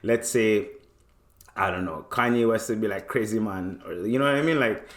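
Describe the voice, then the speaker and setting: A man's voice: lowish voice, normal speed, roomy sound. A man with a Toronto accent hosting a podcast, rambling in casual chat and laughing often. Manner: laughs a lot, slangy and rambling. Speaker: podcast host.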